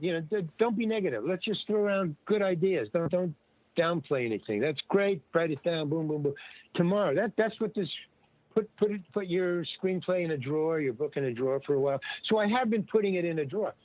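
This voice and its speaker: A man's voice: high voice, lively intonation, fairly quick, no echo. An older man telling stories in a rambling, digressive way, often restarting and quoting other people. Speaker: guest. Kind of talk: rambling casual storytelling. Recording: tinny phone-like line, dry.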